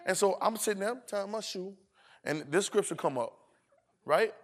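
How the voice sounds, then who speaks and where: Male preacher, AAVE, high voice, playful call-and-response, acts out lines. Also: moderate pace. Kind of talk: sermon.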